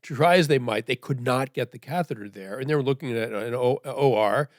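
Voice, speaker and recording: A middle-aged man speaks as a podcast guest in an even, mid-pitched voice. He rambles through his story, checking in with "right?", and sinks to a hushed near-whisper at the grave moments. The recording is dry and close. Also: fairly quick, dry recording.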